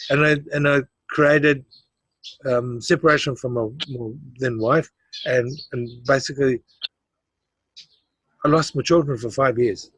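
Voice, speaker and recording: A man's voice: medium pitch, fairly even intonation, measured pace, long pauses, a bit bright, no room sound. A middle-aged man, a guest in a casual interview, telling his life story with animation, acting out the voices of others and laughing often.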